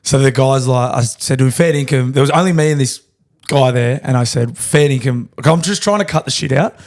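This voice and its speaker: Fast-talking bloke, swearing. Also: male voice, mid-range voice. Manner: swearing, storytelling, laughs a lot. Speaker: podcast co-host. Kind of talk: casual chat.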